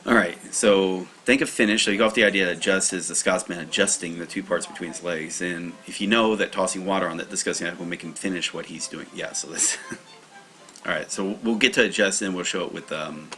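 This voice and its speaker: A man's voice: low voice, quick pace, few pauses, pushed and bright. A man teaching kanji on a livestream in a rambling, casual way, with many fillers and restarts. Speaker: language teacher. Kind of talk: livestreamed kanji study lesson.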